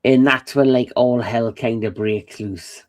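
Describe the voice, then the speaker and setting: A man co-hosting a podcast, telling a film's plot in a relaxed way and handing the story over to his co-host. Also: medium pitch, a little slow. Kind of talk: casual plot recap.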